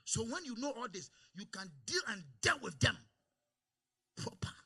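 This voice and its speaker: A man preaching to a congregation with a high, very bright voice that cuts through the room. His tone is gravelly and husky, and he jumps from hushed asides to loud exclamations, calling out for amens. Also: normal speed. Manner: animated, shifts between quiet asides and loud exclaims. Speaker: pastor. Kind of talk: preaching a sermon. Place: church service.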